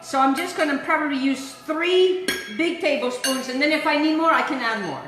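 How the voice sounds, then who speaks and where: Bright chatty Italian woman cooking. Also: high voice, normal speed, echoey room. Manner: chatty, playful, talks to viewers while cooking. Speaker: cooking show host. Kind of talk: casual cooking demonstration. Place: home kitchen.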